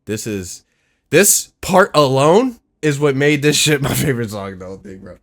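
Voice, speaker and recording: A young man giving casual, excitable reaction commentary, profane and slangy. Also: medium pitch, moderate pace, soft background music. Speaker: reaction video host. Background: song playing faintly.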